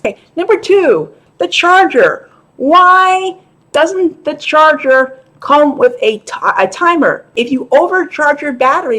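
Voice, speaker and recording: A woman's voice: high-pitched, fairly bright tone. A woman talking casually to camera as a vlogger, frank and a little profane, with laughing asides. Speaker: vlogger and show host.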